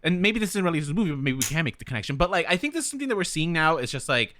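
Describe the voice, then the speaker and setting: A man co-hosting a podcast in casual chat, lively and rambling with many fillers. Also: fairly high pitch, very fast, slight background noise. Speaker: podcast co-host.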